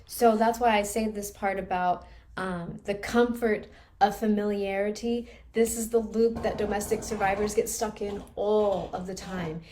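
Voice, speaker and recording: A woman's voice: mid-range voice, steady tone, a little slow, dark tone. A woman trauma recovery coach teaching a live class, explaining in an earnest, patient way.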